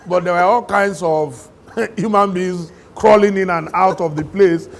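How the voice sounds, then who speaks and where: A man's voice: high-pitched, measured pace, creaky. A middle-aged Nigerian man with a Nigerian accent, a talk show guest telling stories with frequent laughter. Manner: laughs through his stories, animated. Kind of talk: storytelling conversation.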